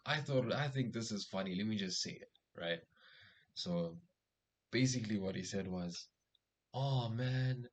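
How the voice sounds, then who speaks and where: A man's voice: deep voice, slightly rough, low-quality recording. A young man casually telling a personal story as social advice, full of fillers and restarts. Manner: rambling, many fillers and restarts; lively quoted dialogue in story. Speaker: vlogger giving social advice.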